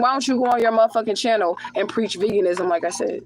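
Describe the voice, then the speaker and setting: A woman's voice: a little high, quick pace, background noise. A woman doing a live spiritual card reading who speaks bluntly and with heavy profanity. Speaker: spiritual reader. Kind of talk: live tarot reading and rant.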